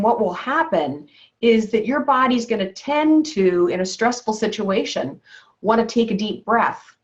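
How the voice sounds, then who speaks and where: A woman health coach leading a wellness call, coaching her listeners and checking in with "okay?" after almost every point. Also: a little high. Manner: coaching tone, keeps asking "okay?". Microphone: video call. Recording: dull lo-fi video call audio.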